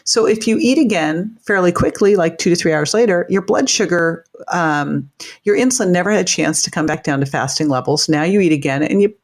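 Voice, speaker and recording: A woman hosting a podcast, upbeat and animated, explaining things simply in casual talk. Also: on the low side, brisk. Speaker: podcast host.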